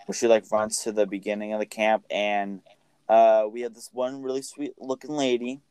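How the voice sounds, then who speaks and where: A man's voice: lowish voice, flat delivery, normal speed, darkish tone, clear, resonant tone, dry recording, poor audio. A man casually recapping a film's plot as a podcast co-host, rambling with many fillers. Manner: rambling, filler-heavy storytelling.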